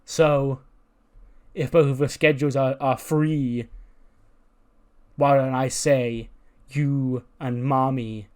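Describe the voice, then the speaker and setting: A man's voice: medium pitch, fairly even intonation, slow, pauses often, a little mellow, natural voice. A brash, menacing female wrestler throws out cocky taunts at her next opponent, as a man reads her lines in his own voice. The swagger sits in the words more than the voice. It plays out like trash talk in a wrestling game. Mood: taunting.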